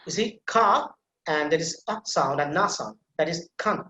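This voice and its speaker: A man's voice: on the high side, animated, moderate pace, bright, forceful tone. A man teaching a pronunciation class, breaking words into sounds syllable by syllable and repeating them for learners to copy. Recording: echoey room.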